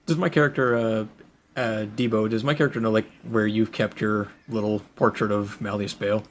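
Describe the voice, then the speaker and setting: A man's voice: lowish voice, fairly even intonation, brisk, slight background noise. A man playing a tabletop game, talking casually and hesitantly with many fillers. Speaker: player.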